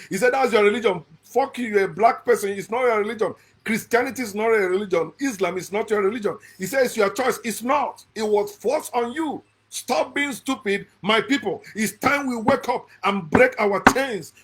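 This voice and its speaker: High-voiced preachy man. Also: a bit bright. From Nigeria. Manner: blunt, preachy, repeats phrases for emphasis. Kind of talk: impassioned monologue.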